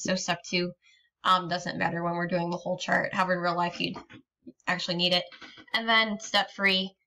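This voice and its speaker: A woman's voice: mid-range voice, bright, forceful tone. A woman teaching a recorded lesson, explaining patiently step by step with frequent ums. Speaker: Spanish teacher.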